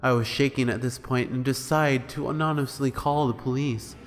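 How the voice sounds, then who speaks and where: A man's voice: medium pitch, fairly even intonation, brisk, in a large hall, faint music behind. A man reading a creepypasta horror story aloud in a casual storytelling manner. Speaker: creepypasta narrator.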